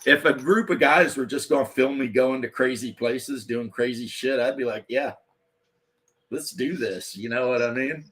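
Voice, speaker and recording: Husky man chatting bluntly. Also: medium pitch, fairly even intonation, normal speed, hardly any pauses, a bit bright. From Eastern Kentucky, USA. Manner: rambling, profane, blunt. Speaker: podcast host. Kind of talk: casual chat.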